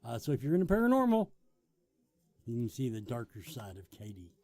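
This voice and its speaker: Mellow dry-sounding man host. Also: mid-range voice, huge pitch swings, brisk, no echo. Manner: joking, plugging events. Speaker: talk show host. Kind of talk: casual interview and promo reads.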